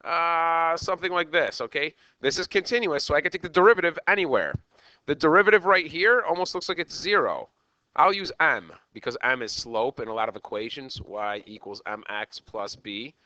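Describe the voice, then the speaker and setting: Lively, bright-voiced male math teacher. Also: fairly high pitch, normal speed, no echo, dull audio. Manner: animated, repeats "okay" often. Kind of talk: classroom lecture.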